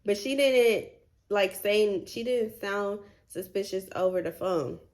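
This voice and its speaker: A woman in her twenties telling a story to her viewers in a vlog, animated and chatty, full of "like" and "y'all". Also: medium pitch, slow. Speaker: vlogger.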